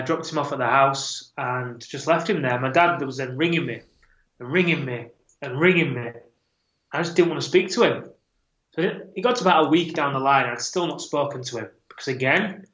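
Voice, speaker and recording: A man's voice: mid-range voice, a bit bright. A man, a podcast guest telling a personal story in an earnest, reflective way. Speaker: podcast guest, men's coach. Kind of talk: personal story told in an interview. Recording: roomy, slightly dull podcast audio.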